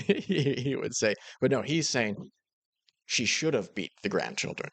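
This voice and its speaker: A man reacting to a clip in casual commentary, relaxed and a bit hesitant with chuckling asides. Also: mid-range voice, measured pace, vocal fry, husky, dry recording.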